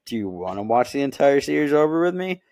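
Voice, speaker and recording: A man in casual chat, telling stories with animated, acted-out quotes. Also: medium pitch, fast talker, no room sound, clean studio sound. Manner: animated storytelling, acts out quotes. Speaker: podcast co-host.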